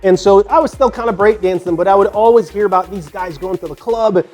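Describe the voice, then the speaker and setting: A man's voice: high voice, a little fast, a little mellow, highs cut off, faint music behind. A man in his sixties from Jamaica, with a Jamaican accent, hosting a podcast and telling stories from his youth in a rambling, conversational way full of restarts and asides. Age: 60s. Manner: rambling, with frequent restarts and "you know" asides. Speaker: podcast host. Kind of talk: casual storytelling monologue.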